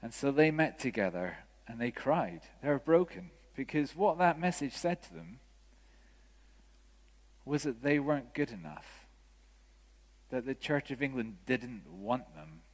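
A male vicar preaches a sermon and tells a story, acting out the quoted lines of the people in it. His voice sits at a middling pitch and rings out with the long reverb of a church. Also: measured pace. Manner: storytelling, animated quoting of others.

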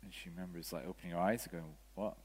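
A vicar telling a story in a sermon, quoting the people in it with animated voices. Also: male voice, low voice, very fast, breathy edge. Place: church. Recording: church hall with long reverb.

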